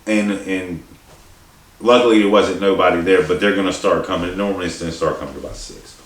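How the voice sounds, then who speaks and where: A man's voice: deep voice, a little fast. A man telling a story in a casual, rambling, profane way, with many restarts and asides. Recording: echoey room, distant mic, faint hiss.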